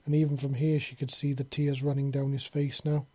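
Audio story narrator, flat delivery, husky, mellow tone, dry close recording. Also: medium pitch, brisk, no echo. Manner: flat, steady delivery with coarse words.

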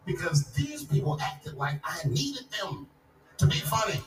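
A man in his forties delivers stand-up in a large venue, his profane, loose stories building to punchlines. His a-little-high voice swings hugely in pitch and runs a little fast over loud music. The recording is echoey, distant-miked, and full of audience noise.

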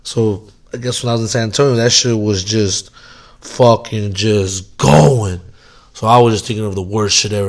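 A man's voice: lowish voice, normal speed. A young man rambling in a casual vlog monologue, swearing constantly and mocking himself with loose filler-heavy talk. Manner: profane, self-mocking, rambling with many fillers. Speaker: vlogger.

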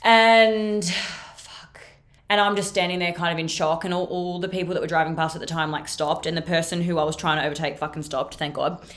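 A woman's voice: on the low side, fairly even intonation, brisk, fairly bright tone. A young woman hosting her own podcast, telling a story in a chatty, casual way, swearing freely and using lots of fillers. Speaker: podcast host.

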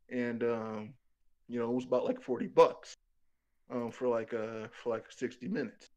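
A man's voice: mid-range voice, fairly even intonation, a little slow, darkish tone, highs cut off. A young man telling a rambling, profane comic story about his own life, laughing as he goes.

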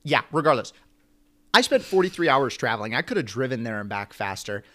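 A young man co-hosting a podcast, telling a long story in an animated, rambling way. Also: mid-range voice, a little fast. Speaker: podcast co-host. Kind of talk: casual chat.

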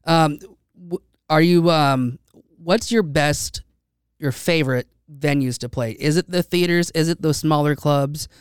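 Brief: male host, clear smooth voice, dry close sound, curious and friendly. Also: on the high side, measured pace, no room sound. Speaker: interviewer. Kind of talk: casual interview chat.

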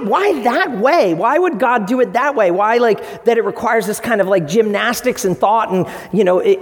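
High-pitched guy preaching, acts out the quotes, echoey church hall. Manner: animated storytelling with acted-out quotes. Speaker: pastor. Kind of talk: sermon.

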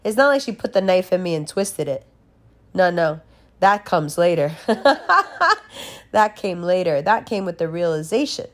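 A woman's voice: on the low side, animated, moderate pace, darkish tone. A young woman talking candidly in a casual monologue, swearing freely and laughing as she tells a personal story.

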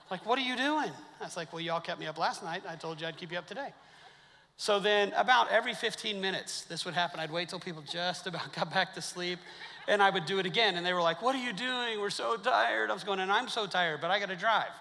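A man preaching a sermon, telling stories and acting out the quotes in a jokey, animated way. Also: high voice, in a large hall. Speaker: pastor. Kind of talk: sermon with storytelling. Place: church sanctuary.

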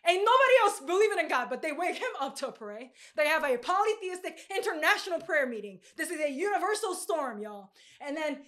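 A woman preaching a casual, animated sermon, slangy and quick to laugh. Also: sits high.

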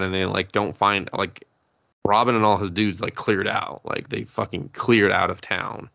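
A man with a low, gravelly voice and a bright, forceful edge tells the story of an episode to his co-host. He swears freely and slips into acted-out quotes as he goes, in a loose, casual podcast chat. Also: moderate pace, dull audio. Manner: profane, animated storytelling, acting out quotes. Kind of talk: casual recap of an anime episode.

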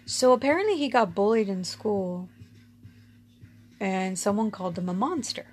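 A woman speaks to her audience in a loose, candid storytelling voice. She is blunt and unfiltered, dropping a casual curse here and there. Her pitch sits in an ordinary middle range for a woman. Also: lively intonation, moderate pace, a little mellow. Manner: frank and candid, swears casually, laughs often. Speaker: storyteller sharing personal experience.

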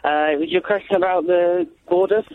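A young man calling into a radio show, hesitant, with many ums and pauses. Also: high-pitched, big pitch swings, gravelly. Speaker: caller, council intern. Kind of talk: phone-in call. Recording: crackly phone line with faint hiss.

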